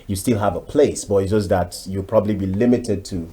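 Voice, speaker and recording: Nigerian male voiceover artist, TV guest, low-pitched, expressive and chatty. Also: a little fast, slight background noise. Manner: expressive, chatty, with frequent fillers. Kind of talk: TV interview talk.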